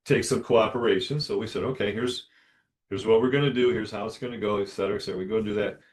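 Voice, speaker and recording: A man, a dentist hosting a podcast, telling a story alone and acting out the dialogue with lively shifts of voice. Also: fairly low pitch, quick pace. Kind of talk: solo storytelling monologue.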